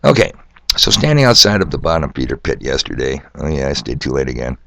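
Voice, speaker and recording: A man's voice: very deep voice, expressive, fast talker, vocal fry, a bit bright. An older man hosting a solo podcast monologue, rambling and sardonic, asking rhetorical questions and spelling words out letter by letter. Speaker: podcast host.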